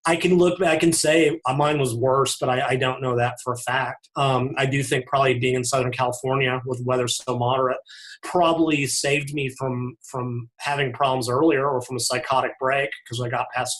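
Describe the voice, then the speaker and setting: A man's voice: mid-range voice, fairly even intonation, moderate pace, fairly bright tone. A man guesting on a podcast, talking frankly and reflectively in loose conversational sentences that often restart. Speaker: podcast guest, fitness author. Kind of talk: candid conversational interview.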